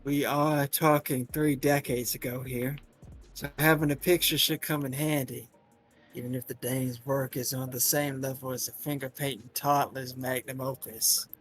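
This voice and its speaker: A streamer playing a detective game, who reads the dialogue aloud with dry, wry banter and a mock-gruff noir delivery. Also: male voice, mid-range voice, fairly even intonation, normal speed, soft background music.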